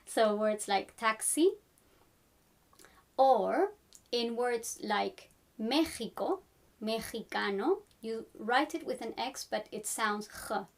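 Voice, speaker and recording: A woman teaching the alphabet in an upbeat, encouraging lesson, spelling out letters slowly. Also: fairly high pitch. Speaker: language teacher. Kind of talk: friendly language lesson.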